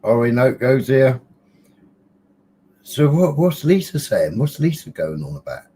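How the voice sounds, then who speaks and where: A man hosts a casual live stream into a computer mic, sounding chatty and teasing and dropping the odd mild swear word. His voice sits at an ordinary middle pitch. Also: very animated, measured pace, warm tone, slightly rough. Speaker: livestream host. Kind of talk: casual livestream chat greeting viewers.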